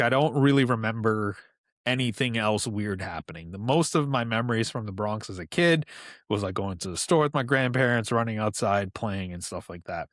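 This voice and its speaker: A man in his thirties from New York, a podcast guest telling personal stories in a relaxed, conversational way with asides. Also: medium pitch, dry recording, clean studio sound. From New York, USA. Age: 30s. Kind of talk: casual storytelling.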